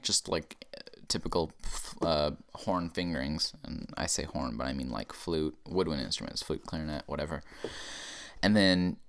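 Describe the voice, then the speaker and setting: A man hosting a comedy show, delivering a rambling, profane rant and often laughing at his own tangents. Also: low voice. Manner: animated, profane, laughing at himself. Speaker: comedy podcast host.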